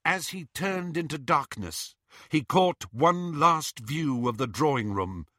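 Animated, dramatic male storyteller. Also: on the high side, slow, no echo, clean studio sound. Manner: animated, dramatic reading with voices. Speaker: audiobook narrator. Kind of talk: storybook narration.

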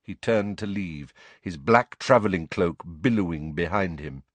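A man's voice: low-pitched, expressive, a little slow, dry recording. A man narrating an audiobook expressively, voicing each character himself.

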